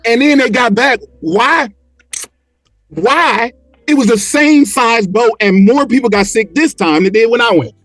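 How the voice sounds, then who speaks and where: A man telling a story as a podcast guest, animated and acting out the quotes and motions as he goes. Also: extremely high pitch, a little slow, no echo, faint music behind. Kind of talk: casual storytelling.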